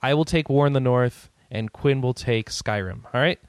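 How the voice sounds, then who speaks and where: A man leads a loose gaming podcast, cracking jokes and moving the group through its questions. His mid-pitched voice sits close and dry. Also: normal speed, clean tone, no room sound. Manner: joking, runs the questions. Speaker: podcast host. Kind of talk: casual podcast chat.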